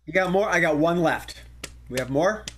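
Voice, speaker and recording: A man's voice: a little high, a little slow, fairly bright tone, slight background noise. A man hosting an improv comedy game over a webcam call. He calls on players and laughs often between prompts. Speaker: improv show host. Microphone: webcam on a video call.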